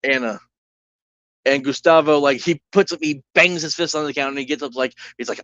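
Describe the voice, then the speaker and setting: A man's voice: a little high, a little fast, pushed and bright, no echo. A man chats his way through a solo tabletop game, rambling and breaking off for asides. His mic sounds dull and lo-fi, with a dry, close sound. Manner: rambling, chatty, with restarts and asides.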